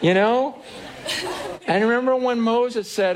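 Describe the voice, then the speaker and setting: A male pastor preaching with a fairly high voice. He talks earnestly and conversationally in front of his congregation and stumbles over repeated words now and then. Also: lively intonation, measured pace. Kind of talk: sermon.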